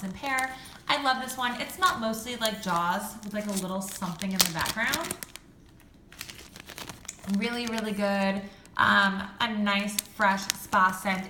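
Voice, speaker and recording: A woman's voice: mid-range voice, pushed and bright, echoey room, slight background noise. A young woman chatting casually through a product review, gushing and full of fillers. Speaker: beauty and home vlogger.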